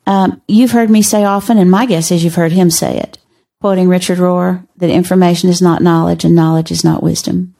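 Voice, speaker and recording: An older woman speaks as a podcast guest. Her voice is low and warm, with a gravelly fry, and she tells stories in a measured, dry-humored way. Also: fairly even intonation. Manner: measured and wry. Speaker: podcast guest, teacher and author. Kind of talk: conversational storytelling.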